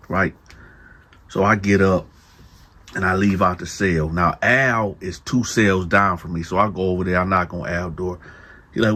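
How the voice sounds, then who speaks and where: Man, low voice, animated prison storytelling, acts out dialogue. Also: normal speed. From Flint, Michigan. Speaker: host.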